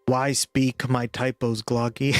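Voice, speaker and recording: A man's voice: mid-range voice, flat delivery, takes it slowly, fairly bright tone, no echo. A man livestreaming and chatting casually with viewers, rambling and full of "like" and "right?", with faint music behind him.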